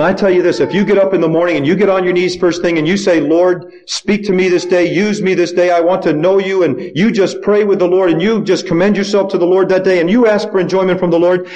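Man, pastor, sermon, slightly high voice, dramatic swings in pitch and volume. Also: poor audio. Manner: preaching with wide swings of pitch and loudness, stretched emphatic words.

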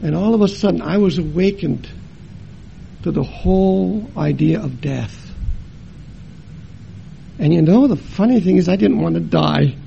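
An older man preaching a sermon and telling his own story, dramatic, moving between loud emphasis and hushed tones. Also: on the high side, unhurried, vocal fry, long pauses, highs cut off, a little hiss or hum. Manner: acts out family members' voices in his story. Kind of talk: sermon with personal testimony.

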